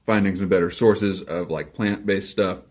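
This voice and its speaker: A man with a lowish voice talks casually to the camera from his garage, answering comments. His delivery is dry and sarcastic. He rambles through self-deprecating asides. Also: fairly even intonation, normal speed, a little mellow. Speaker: vlogger answering viewer comments. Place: home garage.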